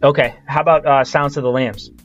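A man's voice: medium pitch, steady tone, fast talker. A man hosts a casual podcast chat and quizzes his guest, talking loosely with many fillers and restarts. His voice comes through with a slightly dull, lo-fi sound. Faint music plays underneath. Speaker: podcast host.

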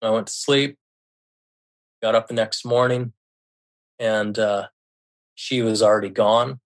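A man's voice: fairly low pitch, steady tone, slow pace. A middle-aged man from the United States, a podcast guest, candidly recounting a painful family story, often repeating himself and swearing. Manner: candid, recounting dialogue, swears freely, many restarts. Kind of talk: personal storytelling.

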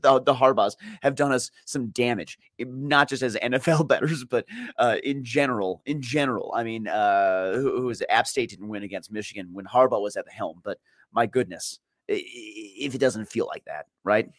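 A man's voice: mid-range voice, moderate pace, no echo, clean studio sound. A man co-hosting a sports betting show, giving his picks in a chatty, self-deprecating way. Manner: chatty, self-deprecating, repeats words while thinking. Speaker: sports betting podcast co-host. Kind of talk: casual betting picks chat.

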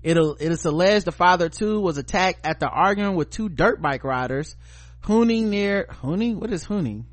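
A man's voice: high voice, lively intonation, normal speed, no echo. A man hosting a podcast, reading news stories aloud and joking around with crude, casual talk. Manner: joking, profane, laughs often. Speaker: podcast host.

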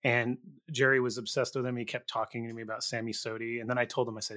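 A man's voice: mid-range voice, little pitch movement, fast talker, sharp tone. A man hosting a podcast interview, asking questions and trading stories conversationally. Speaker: podcast host. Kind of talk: casual interview chat.

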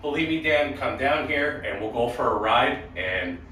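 A man's voice: mid-range voice, animated, normal speed, pushed and bright, a little hiss or hum. A man in his forties on a casual chat, calling in through a phone app, wry and easygoing. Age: 40s. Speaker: co-host calling in. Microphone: phone app call. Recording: distant echoey phone-app call.

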